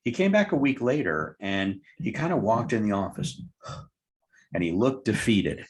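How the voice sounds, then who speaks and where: A man's voice: fairly low pitch, very animated, normal speed. A man, a hypnotherapist guest, telling a client story in an interview and acting out both sides of the dialogue. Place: lived in Tucson, Arizona.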